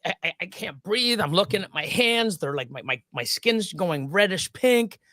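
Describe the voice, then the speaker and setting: High-voiced man rambling through a story. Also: expressive, moderate pace, sharp tone, no echo. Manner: rambling and profane, with many restarts. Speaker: live stream co-host. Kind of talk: casual storytelling chat.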